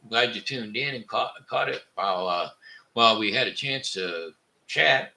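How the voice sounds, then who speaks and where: A man from Missouri, hosting a casual live stream and talking with his chat in a rambling, halting way full of fillers and restarts. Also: lowish voice, creaky, bright, forceful tone, rough recording. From Missouri, USA. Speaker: livestream host reading chat.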